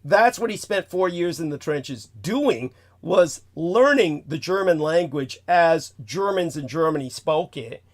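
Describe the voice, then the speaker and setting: A man hosts a talk show, his voice sitting a little higher than most men's. He lectures at length in a rambling, emphatic way, often breaking off into side remarks. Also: lively intonation, unhurried, hardly any pauses. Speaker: host.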